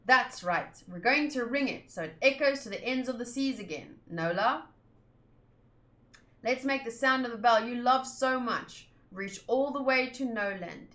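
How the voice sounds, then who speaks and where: A woman's voice: fairly high pitch, measured pace, fairly bright tone. A woman reading aloud as a male warrior earnestly calling out to an old friend.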